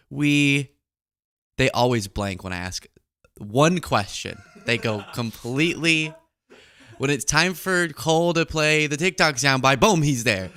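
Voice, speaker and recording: A young man hosting political commentary, sarcastic and animated, on a close mic. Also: mid-range voice, unhurried, no room sound. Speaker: commentary host.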